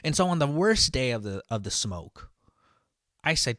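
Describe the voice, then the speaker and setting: A man who works as a line cook vents in a loose, profane monologue. His voice sits at an ordinary middle pitch, and the recording is dry with no room sound. He fills his talk with "like" and "dude" and keeps circling back as he speaks. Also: very animated, moderate pace, a bit bright, dry recording. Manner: profane and heated, heavy on "like" and "dude"; rambling with frequent restarts. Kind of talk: casual storytelling monologue.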